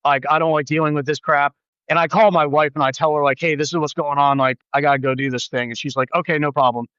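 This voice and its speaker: A man in his thirties talks in a fairly high voice, spinning a story in loose, casual chat. His voice leaps up when he acts out what others said. It comes through a remote mic, a little dull and dry. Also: fast, smooth, no echo. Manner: animated, acts out quoted voices with big pitch jumps. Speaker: podcast guest.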